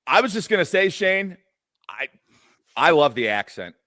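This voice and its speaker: A man's voice: fairly high pitch, sing-song, normal speed, sharp tone, dry recording, clean studio sound. A man co-hosting a casual podcast interview, who laughs a lot and talks with enthusiasm. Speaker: podcast co-host.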